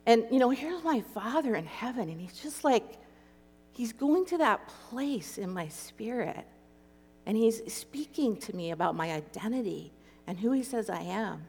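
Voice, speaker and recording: A woman's voice: a little high, unhurried, breathy edge. Woman telling a story in a reverberant hall. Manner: conversational storytelling with lively re-enacted inner speech. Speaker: Christian speaker. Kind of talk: personal testimony talk.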